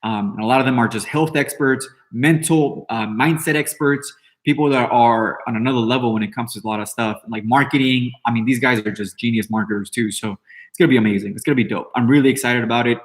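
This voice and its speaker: A man's voice: medium pitch, fast. A man in his thirties hosting a podcast, talking loosely and answering chat with blunt, profane, rambling remarks. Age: 30s. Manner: brash, heavy swearing, rambling with fillers. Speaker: podcast host. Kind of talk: casual live-stream talk, answering chat.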